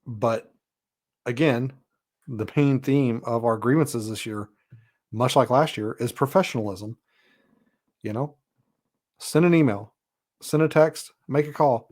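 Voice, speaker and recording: A man's voice: medium pitch, a little slow, long pauses, a little mellow. A man hosting a podcast, talking in a casual, rambling monologue full of "you know" and "uh", frank and a little exasperated. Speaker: podcast host.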